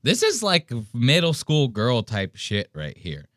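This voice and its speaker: A man's voice: mid-range voice, huge pitch swings, a little slow, a bit bright, no echo, studio quality. A man hosting a podcast, ranting bluntly and profanely in casual commentary. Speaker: podcast host.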